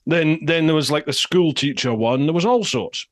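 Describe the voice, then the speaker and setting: A Scottish man hosting a podcast, chatting casually and telling lively anecdotes with frequent laughter. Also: a little high, moderate pace. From Scotland. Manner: animated storyteller, laughs often. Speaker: podcast host. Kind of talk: casual chat.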